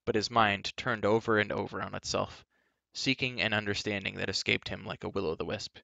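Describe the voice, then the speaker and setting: Gravelly man reading a storybook aloud. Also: lowish voice, steady tone, fairly quick, pushed and bright, dry recording. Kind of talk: reading a children's novel aloud. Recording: dull, dry lo-fi recording.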